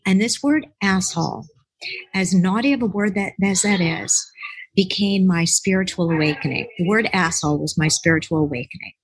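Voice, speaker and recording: Husky, low-pitched woman telling a rambling story. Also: moderate pace, dry recording, rough recording. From United States. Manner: rambling, animated, acts out quoted voices. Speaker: author and relationship expert, podcast guest. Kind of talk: casual interview storytelling.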